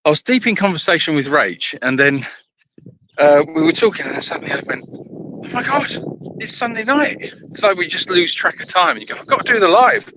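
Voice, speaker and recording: Chatty bright-voiced man on a live stream. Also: mid-range voice, poor audio. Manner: chatty and rambling, greets viewers by name. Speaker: animal sanctuary host on a live stream. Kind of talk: casual live-stream chat. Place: outdoors at an animal sanctuary, walking around. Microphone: phone held in hand.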